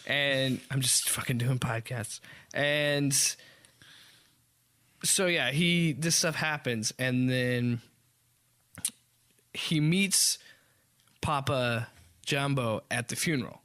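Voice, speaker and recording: A man in his twenties in casual podcast chat, rambling through a show pitch with fillers, restarts and some swearing. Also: takes it slowly, pauses often, a bit bright. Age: 20s. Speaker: podcast co-host. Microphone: desk microphone.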